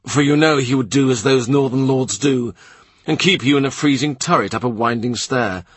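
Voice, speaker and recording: A man's voice: medium pitch, fairly bright tone, husky, dry recording. A man voicing a wry, witty middle-aged court official who teases in a dry manner. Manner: dry, teasing storyteller.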